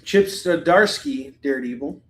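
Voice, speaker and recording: A man's voice: mid-range voice, expressive, measured pace, fairly bright tone, roomy sound, a little hiss or hum, rough recording. A man hosting a live comic book sales stream, chatting casually in a rambling, jokey way.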